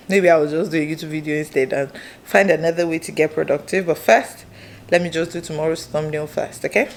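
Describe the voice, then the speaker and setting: A woman's voice: lowish voice, darkish tone, slight background noise. A woman, chatting casually to camera as a vlogger. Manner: chatty, talks straight to viewers. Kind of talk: casual vlog chat to camera.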